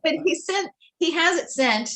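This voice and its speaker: A woman's voice: very high-pitched, animated, moderate pace, fairly bright tone. A middle-aged woman telling a personal story on a livestream, acting out the dialogue and laughing often. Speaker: livestream guest. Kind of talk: storytelling testimonial.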